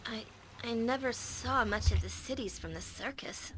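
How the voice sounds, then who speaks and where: A woman voicing a wide-eyed young woman raised in a circus, speaking softly in a computer game. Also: on the high side, normal speed, slight background noise, lightly acted, rough recording. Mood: wondering.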